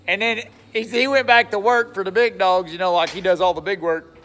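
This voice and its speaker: Folksy rambling man, slightly high voice. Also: fast talker, a bit bright. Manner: rambling, folksy, chuckles often. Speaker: logger and mill worker vlogger. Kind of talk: casual chat vlog.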